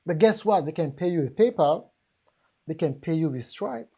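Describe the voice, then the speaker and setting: A woman's voice: low voice, animated, moderate pace, dark tone, husky. A woman with a French accent giving a live seminar talk on business, emphatic and joking as she addresses the audience directly. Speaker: business speaker.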